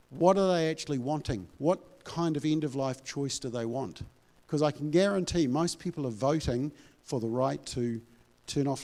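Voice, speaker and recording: A man's voice: mid-range voice, a little mellow. A man giving an earnest, persuasive talk to a live audience, asking direct questions. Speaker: campaign speaker. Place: church hall. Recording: echoey hall reverb.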